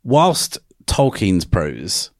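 A man co-hosting a podcast, reading fan fiction aloud in a measured, expressive way, then discussing it animatedly. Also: low-pitched, no room sound, clean studio sound. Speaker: podcast co-host.

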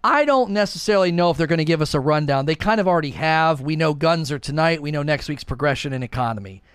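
A man's voice: fairly high pitch, animated, fast talker, fairly bright tone, clean tone, no echo, clean studio sound. A man in his thirties casually hosting a live stream Q and A, reading viewer messages aloud and joking about himself. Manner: chatty, self-deprecating, reads chat aloud.

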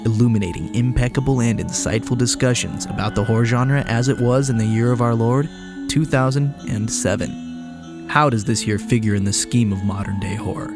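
A man's voice: mid-range voice, moderate pace. A man opening a podcast as guest host in a playful, mock-grandiose scripted intro. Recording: music bed behind the voice.

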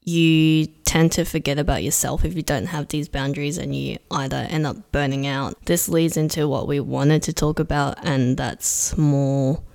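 A woman with a low voice co-hosts a casual podcast. She is chatty and laughs easily, and her sentences wander as she thinks aloud. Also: fairly even intonation, moderate pace, gravelly, few pauses, a little mellow. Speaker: podcast co-host.

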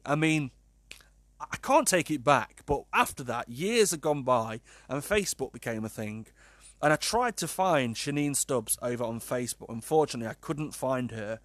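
A man hosting a casual podcast monologue, animated and sweary, laughing at his own jokes. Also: mid-range voice, no room sound. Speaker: podcast host.

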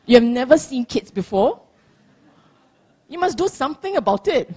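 A woman's voice: sits high, very animated, moderate pace, mellow, breathy edge. A middle-aged woman giving a dharma talk, playful and teasing, laughing often. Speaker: dharma teacher.

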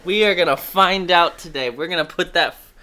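A man co-hosting a movie musical podcast in casual chat, chatty and quick to correct and tease his co-host. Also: high voice, pushed and bright.

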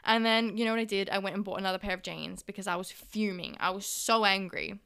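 A fast-talking young Australian woman in her twenties hosts a podcast solo, her medium-pitched voice smooth but sharp, with vocal fry and fairly even intonation. The casual monologue is chatty, candid and sweary, with her reactions acted out.

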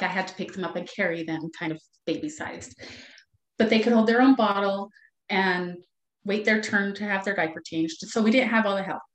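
A woman in her forties, a guest, telling a personal story earnestly and animatedly. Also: mid-range voice. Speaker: guest, author and mother. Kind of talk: conversational storytelling. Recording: roomy echo.

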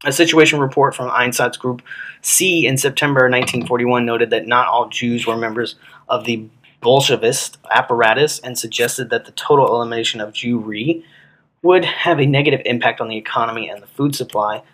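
A man co-hosting a podcast, talking in a loose, casual way. He swears freely and slips sarcastic remarks in between the history he reads. His voice sits at an ordinary middle pitch for a man. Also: steady tone, a little fast, fairly bright tone, poor audio. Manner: profane, blunt and sarcastic. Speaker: podcast co-host.

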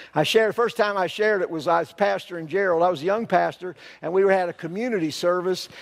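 A man's voice: high voice, creaky. A male pastor telling a story in a sermon, folksy and earnest.

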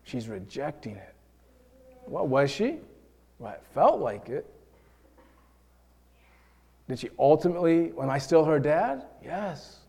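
A man's voice: fairly high pitch, big pitch swings, takes it slowly, gravelly, pauses often, dark tone, breathy edge. A man in his thirties preaching a sermon in an earnest way, building to emotional peaks. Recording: long hall reverb.

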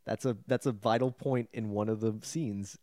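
A man's voice: lowish voice, normal speed, no echo, studio quality. A young man hosting a podcast, retelling and praising eagerly in casual chat. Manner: enthusiastic, animated retelling. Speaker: podcast host.

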